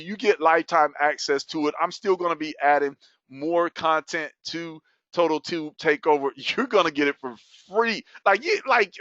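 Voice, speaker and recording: A man hosting a webinar and giving an excited sales pitch, whooping and laughing between offers. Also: no echo. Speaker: webinar host. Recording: dull lo-fi dry sound.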